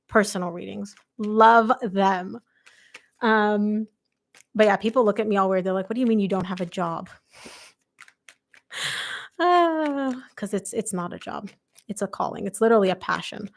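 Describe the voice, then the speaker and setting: A woman doing a live tarot reading, chatty and excitable, her voice going hoarse from a long day of readings. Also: medium pitch. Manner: chatty, excitable, quotes people aloud. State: losing her voice. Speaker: tarot reader.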